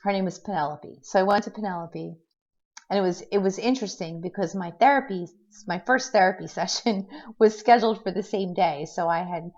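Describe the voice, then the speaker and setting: A woman's voice: medium pitch, fairly quick. A middle-aged woman telling a personal story in a casual vlog, rambling with restarts and fillers and acting out what people said. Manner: tends to act out quotes in a lively way. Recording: dull lo-fi recording.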